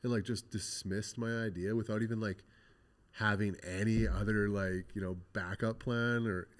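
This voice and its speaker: This graffiti artist, interviewed as a guest, narrates his life in a somewhat low voice at a moderate pace. His retelling is crude, direct, and lively, full of reenacted dialogue from earlier conversations.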